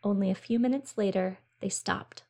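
A woman narrating a children's story in a gentle, clear storybook reading. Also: medium pitch, moderate pace.

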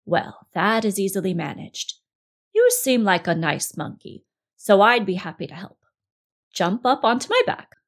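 A woman voicing a huge, slow-witted male crocodile who sweet-talks in a storybook reading. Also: medium pitch, big pitch swings. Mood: coaxing. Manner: sweet-talking, coaxing.

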